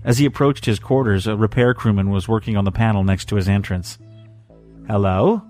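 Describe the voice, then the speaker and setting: Brief: man reading sci-fi fan fiction, lowish voice, faint music under. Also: fast, darkish tone. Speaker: story reader.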